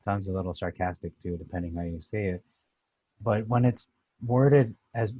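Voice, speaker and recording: A man giving a casual, conversational commentary on a Bible passage, thoughtful and pausing with "uh" as he restarts. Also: low voice, dark tone, husky, dull audio. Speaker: Bible teacher.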